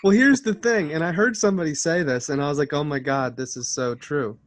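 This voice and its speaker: A man's voice: a little high, brisk. A man in casual conversation who explains his spiritual views in an earnest, preachy way. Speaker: channel host.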